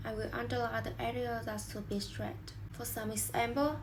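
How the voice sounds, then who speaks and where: A woman's voice: fairly high pitch, little pitch movement, moderate pace, hardly any pauses. A young woman student presenting a class lesson on word stress, reading out a prepared explanation with some slips. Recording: clear background noise.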